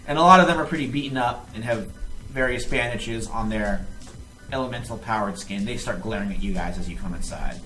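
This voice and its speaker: A man's voice: lowish voice, a little fast. Man running a tabletop game. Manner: lively, laughing often. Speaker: game master. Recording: roomy echo, faint music.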